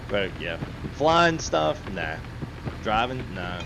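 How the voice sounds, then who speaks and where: A man's voice: on the low side, big pitch swings, slow pace, gravelly, pauses often, background noise. A man hosting a gaming livestream, chatting casually and reading chat aloud. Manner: chatty, laughs often, reads chat aloud.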